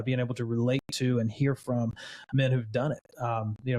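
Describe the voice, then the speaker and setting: Earnest male podcast host, mid-pitched. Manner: earnest, affirming, speaks in encouraging sermon-like phrases. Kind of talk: faith-focused podcast interview.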